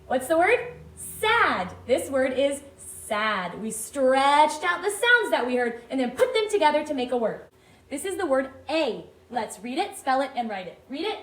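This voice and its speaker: A woman teaching a phonics lesson to young children, sounding out letters slowly and asking them to read along. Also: high-pitched, big pitch swings, roomy sound, poor audio. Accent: Hawaiian English. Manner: slow, stretched-out sounds, read-along prompts. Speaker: kindergarten teacher.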